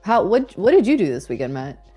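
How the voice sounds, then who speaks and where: A woman's voice: mid-range voice, very animated, fairly quick, mellow, slightly rough, faint music behind. A woman co-hosting a live trading stream in playful casual chat, laughing often.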